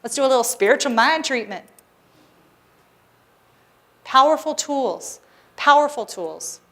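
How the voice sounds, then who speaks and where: High-voiced woman giving an upbeat sermon. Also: animated, measured pace, a bit bright. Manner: earnest and encouraging, with playful asides to the congregation. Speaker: spiritual practitioner giving the Sunday talk. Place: church service hall.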